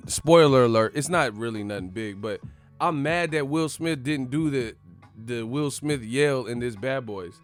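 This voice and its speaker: Medium in pitch, this man runs a boxing channel with loose, joking, slang-filled chatter, regularly shouting out loud movie catchphrases.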